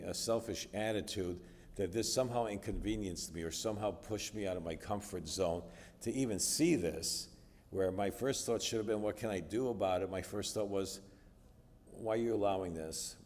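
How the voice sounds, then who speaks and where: A middle-aged man from the United States giving a personal testimony sermon in a church, telling his story conversationally with frequent fillers. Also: low-pitched. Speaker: guest speaker. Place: church sanctuary. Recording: distant reverberant church hall.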